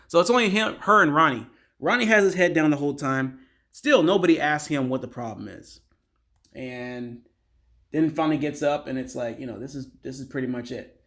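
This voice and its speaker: A man's voice: on the high side, lively intonation, brisk, a bit bright. A man casually recapping a reality show episode in a rambling, filler-heavy way. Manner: rambling, filler-heavy retelling with "like" and "you know".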